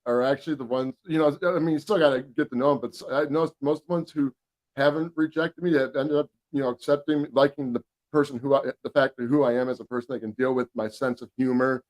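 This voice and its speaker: A man's voice: medium pitch, steady tone, fast, darkish tone, low-quality recording. Agreeable rambling podcast host, a man. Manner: agreeable, rambling, lots of fillers. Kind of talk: casual podcast talk.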